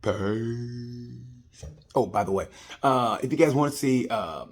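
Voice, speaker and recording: A man's voice: mid-range voice, animated, a little fast. A man hosts his own video review, talking casually and rambling a little as he goes. He is chatty and jokey, tossing in nicknames and side stories. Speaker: vlog host reviewing a race.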